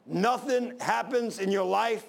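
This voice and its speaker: A man preaching with a strongly gravelly, fry-heavy voice that sits high for a man. He tells his story fervently and climbs into emphatic pleas. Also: measured pace. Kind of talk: sermon with personal story.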